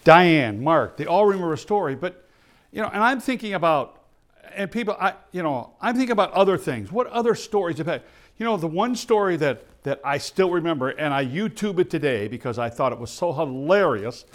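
A man hosting the chat, giving quick responses and then musing aloud in a casual way. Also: on the high side, animated. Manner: responsive, chatty, quick backchannels. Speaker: interviewer. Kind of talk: casual conversation.

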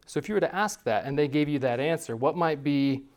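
A man's voice: fairly high pitch, fairly quick. Man teaching a class, quizzing students. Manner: conversational, quizzes the class with questions.

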